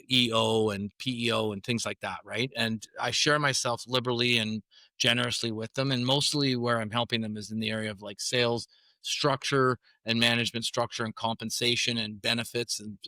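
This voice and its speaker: Bright-voiced middle-aged man telling sales stories. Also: medium pitch, no echo, clean studio sound. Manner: rambling, many restarts and "right?" tags. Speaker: sales coach and guest. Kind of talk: storytelling interview answers.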